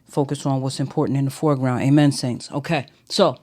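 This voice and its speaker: A woman's voice: rumbling low, fairly even intonation, fairly quick, a little mellow. A woman hosting a solo podcast, talking to her listeners in a chatty, playful way while teaching at a whiteboard. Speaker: podcast host.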